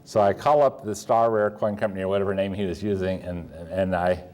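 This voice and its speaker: A man's voice: low voice, fairly even intonation, a little fast, a little mellow. An older man from Pennsylvania, a coin dealer telling rambling stories with many fillers and restarts. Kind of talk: storytelling talk.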